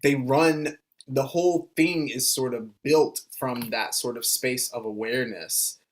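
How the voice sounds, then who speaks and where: A man co-hosting a podcast in casual chat, halting and hesitant, often pausing with "um" and restarting sentences. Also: medium pitch, steady tone. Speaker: podcast co-host.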